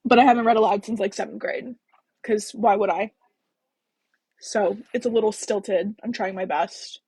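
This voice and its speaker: Husky-voiced young woman chatting on a live stream. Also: medium pitch, fairly even intonation, moderate pace, darkish tone, no room sound. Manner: chatty, gushing, slangy. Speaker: book reader and live streamer. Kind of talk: casual reading and chat on a live stream. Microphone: phone.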